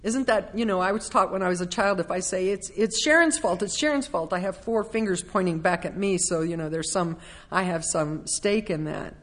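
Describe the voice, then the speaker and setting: A woman's voice: fairly low pitch, fairly even intonation, normal speed. A middle-aged woman preaching a conversational sermon, slipping into acted-out quotes of complaining voices.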